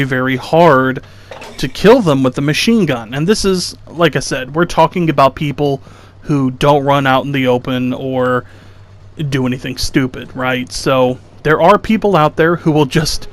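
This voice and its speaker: A man's voice: a little high, a bit bright, a little hiss or hum. A young man doing sarcastic, exasperated commentary over gameplay footage, mocking his critics. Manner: exasperated, sarcastic, mocks critics in whiny voices. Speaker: gaming commentator.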